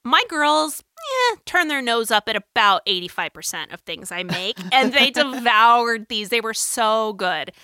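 A woman's voice: on the high side, animated, unhurried, few pauses, bright, forceful tone, dry recording, clean studio sound. A woman in her thirties from Phoenix, co-hosting a casual chat and telling food stories with easy laughs. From Phoenix, Arizona. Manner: chatty, laughs easily, acts out her own quotes. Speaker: podcast co-host.

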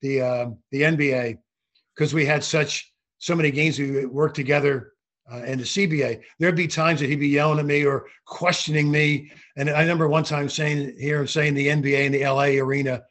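An older man, a retired basketball referee, telling animated stories from his career in an interview. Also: a little high, moderate pace. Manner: animated anecdotal storytelling with frequent restarts. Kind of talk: storytelling interview.

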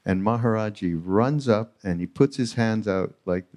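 A man hosting a podcast live on a retreat stage, telling a spiritual story in an animated way. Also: lowish voice, normal speed. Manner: animated storyteller acting out quotes. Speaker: podcast host.

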